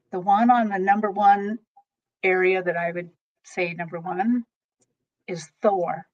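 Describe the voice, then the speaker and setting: A woman reader telling an animated story in casual chat, with quick exclamations. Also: on the low side, dull audio. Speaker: tarot reader guest.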